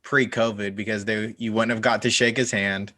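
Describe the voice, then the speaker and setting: A man co-hosting a podcast, relaxed and teasing, with short dry reactions. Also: fairly low pitch, normal speed. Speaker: podcast co-host. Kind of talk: casual chat.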